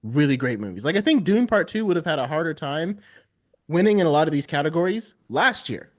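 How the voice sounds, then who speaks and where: A man's voice: a little high, brisk. A man hosting a casual podcast chat about the Oscars, telling stories with animation and frequent laughter. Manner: animated storytelling, laughs often. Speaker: podcast host.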